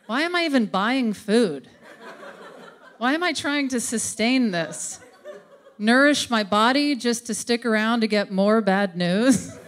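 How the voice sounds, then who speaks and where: A woman's voice: fairly high pitch, animated, a little slow. A woman telling a confessional monologue, wry and laughing through grim news.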